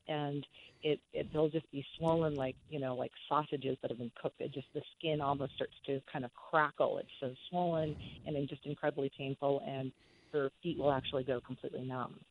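A woman's voice: low voice, fairly even intonation, normal speed. A woman calling into a show, earnestly describing a friend's symptoms in detail with restarts. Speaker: caller. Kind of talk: phone-in question. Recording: dull phone line with faint hiss.

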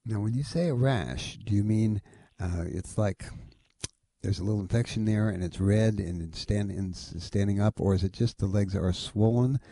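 A man's voice: on the low side, normal speed, dark tone, dry recording. A man over forty hosting a call-in health show, giving folksy, rambling advice with careful hedges. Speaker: radio health show host.

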